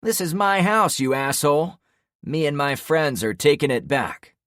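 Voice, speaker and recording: A man voicing a hostile, volatile young male party guy who taunts and shouts insults. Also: fairly high pitch, animated, a little slow, creaky, no echo, studio quality, voice pushed up. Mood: raging, taunting.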